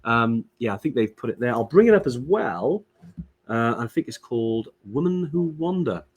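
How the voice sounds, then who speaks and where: A man's voice: mid-range voice, very animated, moderate pace, breathy edge. A man from Wales co-hosting a casual live-stream chat, talking chattily with many fillers and restarts. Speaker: podcast co-host.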